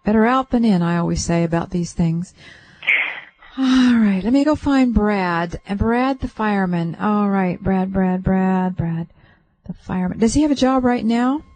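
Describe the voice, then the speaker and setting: Woman radio host doing a psychic reading for a caller. Mellow, gentle and reassuring, relays it bit by bit. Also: mid-range voice, normal speed, low-quality recording. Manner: gentle, reassuring, relays what she senses in layers. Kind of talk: soothing call-in reading. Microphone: radio studio mic.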